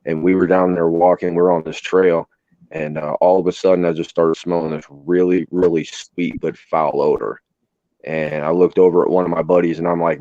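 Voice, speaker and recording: A low, deep-voiced man with a dark, mellow tone tells rough, plainspoken stories in casual chat. His recording sounds dry and a little muffled. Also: level tone, normal speed, dry recording. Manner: plainspoken, swears freely, acts out quoted voices. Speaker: host, former emergency responder. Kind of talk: casual storytelling on a live stream.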